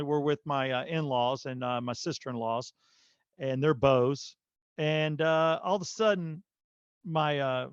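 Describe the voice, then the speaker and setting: Animated man telling a story on a podcast. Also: on the high side, no room sound, lo-fi sound. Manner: animated storyteller, filler-heavy. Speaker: podcast host. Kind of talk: casual podcast chat.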